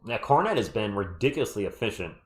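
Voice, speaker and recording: Guy doing live play-by-play on a stream, super lively up and down voice, voice kinda going. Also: fairly low pitch. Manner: animated, quick play calls mixed with chat shout-outs. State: losing his voice. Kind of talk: casual live play-by-play commentary.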